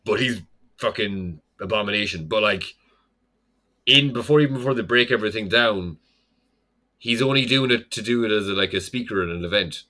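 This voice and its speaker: A man's voice: lowish voice, a little fast, sharp tone. A young man co-hosting a podcast, slightly tipsy, rambling through a casual recap with lots of "like" and some swearing. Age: young adult. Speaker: podcast co-host. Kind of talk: casual chat.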